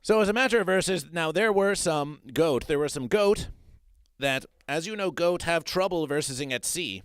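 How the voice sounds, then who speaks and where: A man delivers an absurd mock news monologue in a fairly high, smooth and clear voice. The room sound is close and dry. He rambles and repeats himself, dropping now and then into hushed muttering. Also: expressive, moderate pace, no room sound. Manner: repetitive, rambling, mock-serious. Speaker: comedy streamer.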